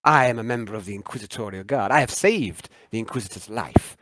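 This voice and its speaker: A man's voice: fairly low pitch, fairly quick, fairly bright tone, dry recording, lightly acted. A man voicing a proud old male warrior who is defiant and unafraid of death, speaking in a solemn, grave way.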